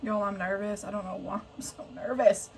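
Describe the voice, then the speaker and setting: A woman's voice: mid-range voice, steady tone, normal speed, slight background noise. A woman, chatting casually and thinking aloud to her viewers while she shows her sewing in a home sewing room. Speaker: sewing vlogger.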